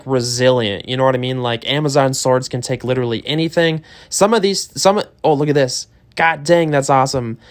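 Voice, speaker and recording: A man hosting his own fishkeeping channel, talking in a hyped, rambling way with lots of fillers and self-mocking asides. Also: mid-range voice. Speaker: aquarium channel host. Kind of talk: casual vlog talk.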